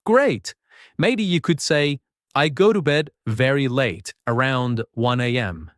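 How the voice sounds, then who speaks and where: A man teaching a beginner English lesson, speaking slowly and patiently and modeling sentences for listeners to repeat. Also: medium pitch, a bit bright, no echo, clean studio sound. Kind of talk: slow, clear spoken English lesson.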